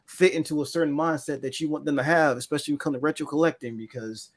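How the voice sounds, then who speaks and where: A man's voice: fairly high pitch, fairly even intonation, quick pace. A man talking as a guest on a casual gaming podcast, earnest and rambling with many restarts. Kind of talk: casual chat.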